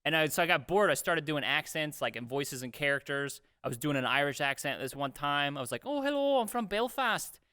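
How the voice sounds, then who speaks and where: A young man and podcast co-host telling a story in casual chat, animated and swearing freely as he acts out what others said. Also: medium pitch, a little fast, few pauses, clean tone, no room sound, studio quality.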